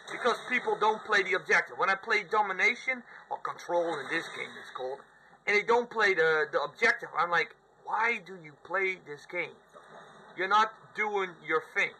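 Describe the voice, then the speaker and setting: Slightly hoarse man rambling about games. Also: high voice, slight background noise, poor audio. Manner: rambling and candid, with mock shouted outbursts. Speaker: gaming vlogger. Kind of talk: casual gaming vlog. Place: room at home, sitting on a couch.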